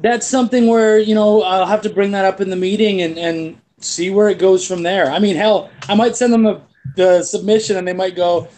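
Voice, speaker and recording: High-voiced man telling a story. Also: moderate pace. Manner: animated storyteller who swears freely. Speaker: comic book creator. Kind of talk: casual chat.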